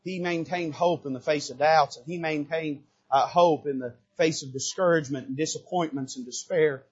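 A man preaching a sermon from the pulpit, swinging from hushed to shouting. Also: normal speed, breathy edge, lo-fi sound. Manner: preaching with big swings in pitch and loudness, rising to shouts. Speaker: pastor. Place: church sanctuary.

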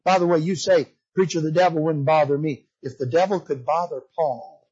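A man preaching a revival sermon in church, swinging from loud emphasis to hushed pleading. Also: on the high side, steady tone, normal speed, breathy edge, dull audio. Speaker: visiting preacher. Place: church sanctuary.

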